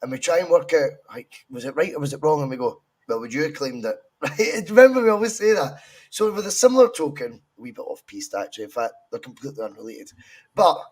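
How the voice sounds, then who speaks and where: A man's voice: fairly high pitch, husky. A Scottish man co-hosting a football podcast, talking casually, swearing and laughing as he argues. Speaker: podcast co-host.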